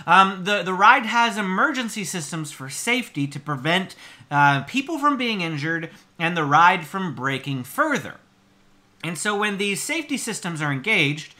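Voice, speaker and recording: Male vlog host, bright forceful tone, chatty, exasperated commentary on reviews. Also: high voice, animated, moderate pace. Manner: exasperated, explaining at length; chatty with frequent fillers. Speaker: host of a theme park channel. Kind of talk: casual review reaction commentary.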